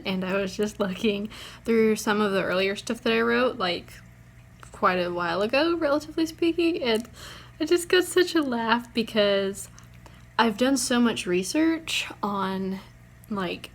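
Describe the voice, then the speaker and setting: A young woman, chatting casually in a writing vlog, rambling with lots of fillers. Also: mid-range voice. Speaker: vlogger.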